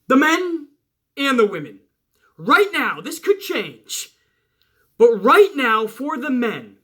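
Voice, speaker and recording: A man hosting a wrestling channel, talking loud and half-yelling in a profane, confrontational rant to his viewers. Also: high-pitched. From Italian-American household.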